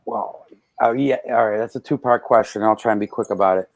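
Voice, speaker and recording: A brisk-talking male guest on a podcast, heard with no room sound, tells anecdotes in an easygoing chat. Animated throughout, he impersonates whoever he quotes, his pitch jumping loudly.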